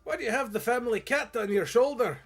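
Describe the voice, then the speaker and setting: A man's voice: extremely high pitch, fast talker, a bit bright, soft background music, pitched above the performer's own voice, full character voice. A man voicing a friendly, burly yeti-like barkeep, folksy and cheerful. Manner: cheerful, folksy, says "aye" and "ya".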